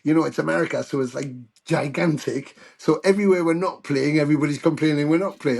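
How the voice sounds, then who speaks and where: Older british guy, gravelly and husky, chatty and sweary, tells stories with lots of energy. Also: fairly high pitch, fast talker. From United Kingdom. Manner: animated storyteller, swears freely. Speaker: guest musician. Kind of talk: casual interview chat.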